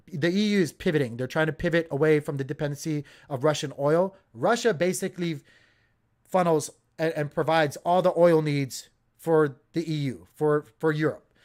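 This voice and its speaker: A man hosting a crypto channel, giving casual market commentary with lots of fillers and talking straight to viewers as you guys. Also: on the high side.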